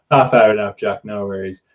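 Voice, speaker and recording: The host, a man with a Northeast English Geordie accent from Newcastle, chats casually on a livestream, frequently stammering and restarting what he says. His voice is lowish and narrow, and the audio sounds tinny.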